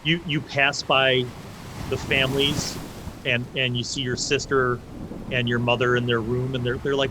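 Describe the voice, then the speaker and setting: A man runs a tabletop adventure as game master, painting scenes in loose, vivid descriptions. His voice sits at an everyday middle pitch. Faint noise hums in the background. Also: flat delivery, normal speed. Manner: vivid, loose descriptions that act out side characters.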